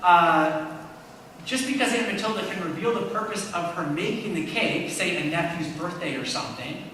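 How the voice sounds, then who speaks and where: A man's voice: high-pitched, lively intonation, normal speed, a bit bright, a little hiss or hum. A man giving a conversational apologetics talk in a church, often checking in with his listeners. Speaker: Christian apologist speaker. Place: church hall. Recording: echoey hall from far off.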